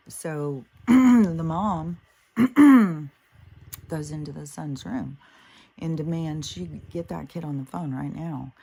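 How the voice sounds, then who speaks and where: Middle-aged woman host, dark mellow voice with faint background hum, blunt and profane in a rambling chat. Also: sits low, slow, vocal fry. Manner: blunt, swears freely, trails off with fillers. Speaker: spiritual podcast host. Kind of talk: casual storytelling monologue.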